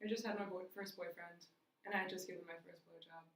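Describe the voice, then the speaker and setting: A young woman telling stories in a casual chat, animated and often laughing. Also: fairly low pitch, fast talker. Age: young adult. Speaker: guest. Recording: echoey room from a distance.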